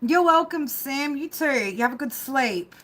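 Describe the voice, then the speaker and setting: Against a noisy background, a woman with a high, expressive voice gives a live streamed tarot reading at a measured pace. Casual and profane, she rambles on and ends almost every phrase with "right?".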